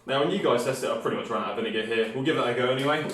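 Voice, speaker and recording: A man's voice: medium pitch, racing, fairly bright tone, slight background noise. A man presenting a hands-on science experiment, explaining each step with enthusiasm. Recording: echoey room, mic at a distance.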